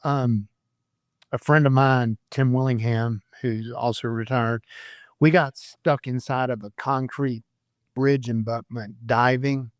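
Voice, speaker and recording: A man's voice: mid-range voice, steady tone, slow pace, dry recording, studio quality. A man in his fifties, a retired sheriff's deputy, telling rambling stories in a casual interview and laughing at himself. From Florida, USA.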